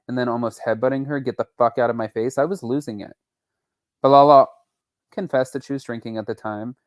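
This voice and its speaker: A man hosting a casual celebrity gossip channel, reading out quotes with lively emphasis and chatting to his viewers off camera. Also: mid-range voice, no room sound, studio quality. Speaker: host. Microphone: not on camera, voice-over.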